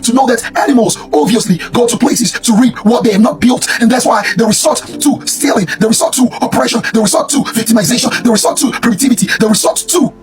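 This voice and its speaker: A hoarse man with a strikingly high, strained voice delivers a preachy, repetitive rant as reaction commentary. Music plays clearly underneath him. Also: fast talker, few pauses. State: hoarse, lost voice.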